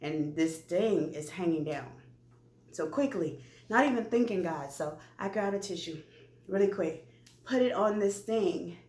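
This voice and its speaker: Speaking at a measured pace in a fairly low voice, a woman vlogger shares a personal story with candor and animation in a reverberant space. Her tone is chatty, and she addresses her viewers directly.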